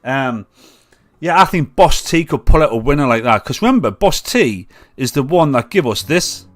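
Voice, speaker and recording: A man's voice: mid-range voice, sing-song, normal speed. A man with a Mackem accent hosting a casual live-stream chat, rambling and swearing freely. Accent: Mackem (Sunderland).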